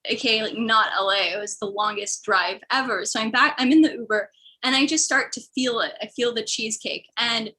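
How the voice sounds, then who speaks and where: Bright, rambling young woman comedian. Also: fairly high pitch, brisk, low-quality recording. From American Midwest. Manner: rambling, self-deprecating. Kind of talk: stand-up comedy storytelling.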